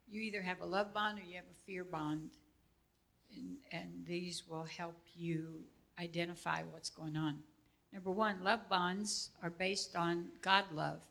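A woman's voice: on the low side, steady tone, measured pace, gravelly, a bit bright. A woman steadily reading through a numbered list, as in a lesson.

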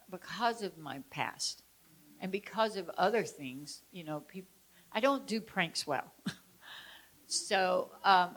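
A woman teaching about traumatic memory, illustrating it with a personal story. She tells it expressively, shifting between loud emphasis and hushed moments. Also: on the low side. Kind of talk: personal story within a lecture.

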